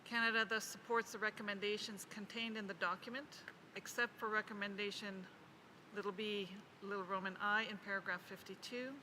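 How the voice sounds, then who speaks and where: A woman delivering a formal, measured statement as a national delegate at a committee meeting, reading proposed text slowly. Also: medium pitch, little pitch movement, pushed and bright, a little hiss or hum, rough recording. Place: large conference hall.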